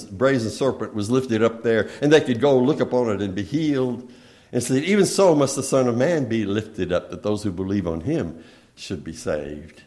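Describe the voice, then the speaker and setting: A man preaching a sermon, telling the scripture plainly, swelling loud on key phrases and then dropping very soft and slow. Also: on the low side.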